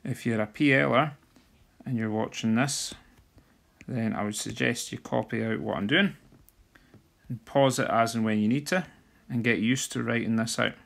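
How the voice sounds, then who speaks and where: A man's voice: medium pitch, normal speed, vocal fry, pauses often. A man, teaching drumming theory in a screen-recorded walkthrough and talking as he writes. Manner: talks while writing, sings drum rudiments softly.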